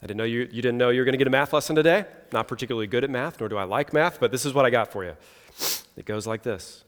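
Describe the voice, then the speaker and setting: A man preaching a sermon in an earnest, measured way, slowing down for emphasis. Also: mid-range voice, smooth. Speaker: pastor. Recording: long hall reverb.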